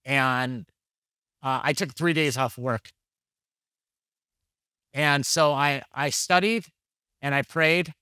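A man's voice: medium pitch, steady tone, slow pace, long pauses, pushed and bright, clean tone, dry recording, clean studio sound. A man preaching a conversational sermon, telling candid, jokey stories and acting out the dialogue. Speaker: pastor.

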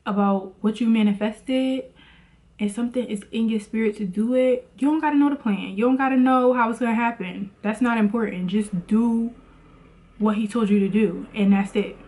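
A woman's voice: fairly high pitch, normal speed, darkish tone. A woman vlogging in a casual motivational talk about faith, chatty and preachy, with lots of "like".

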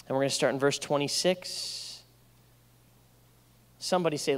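A man's voice: on the high side, moderate pace, pauses often, clean tone. A young man preaching a sermon as pastor, telling stories in a conversational way with playful asides. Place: church sanctuary. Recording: reverberant church hall.

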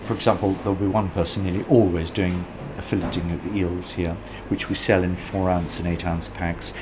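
Middle-aged man, lowish voice, lively raconteur recalling how his business began. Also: normal speed, noisy background. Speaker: smokery owner. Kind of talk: anecdotal storytelling.

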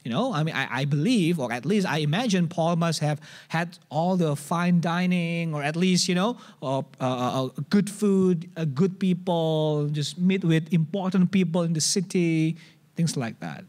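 A pastor with an Indonesian accent preaches a sermon at a church service in a conversational, animated style, often restarting sentences and acting out examples. His voice is a little high and his pace moderate.

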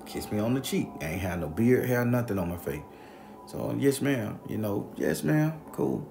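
A man casually telling a personal ghost story in a rambling, profane, animated way. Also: fairly low pitch, normal speed, vocal fry, over music.

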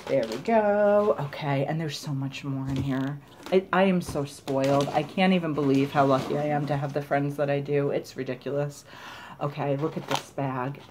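A woman's voice: low-pitched, fairly even intonation, normal speed, noisy background. A woman vlogger chatting casually at home as she unboxes a parcel of gifts, gushing and repeating herself. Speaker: craft vlogger.

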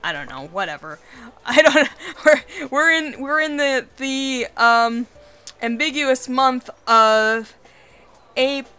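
A woman's voice: high-pitched, lively intonation, takes it slowly, pushed and bright, clear, resonant tone, faint music behind. Giggly woman reading a dating game aloud. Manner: giggly, swears casually. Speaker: let's play host.

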